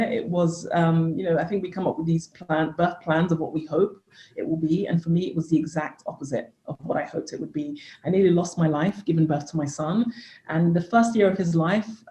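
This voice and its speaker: A woman in her thirties, a podcast guest and coach, telling an earnest personal story in an animated way. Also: fairly low pitch, echoey room, rough recording. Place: living in England.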